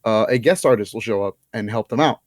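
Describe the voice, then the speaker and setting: A podcast co-host with a lowish voice talks fast in a casual chat, telling stories animatedly and laughing a lot. The recording is dry and of studio quality.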